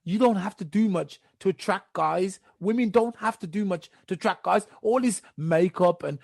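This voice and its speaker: A man's voice: high-pitched, normal speed, creaky, a little mellow, no echo, studio quality. A man co-hosting a podcast, pushy and insistent in casual chat. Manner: pushy, keeps saying "trust me" and "listen". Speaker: podcast co-host.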